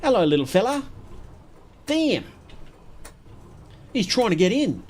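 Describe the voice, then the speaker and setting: A giddy wildlife documentary host creeping after his quarry, as an Australian man puts him on. The voice rides high and swoops about, earnest and hushed, with an Australian accent throughout. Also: big pitch swings, takes it slowly, heavily acted. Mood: mock-excited.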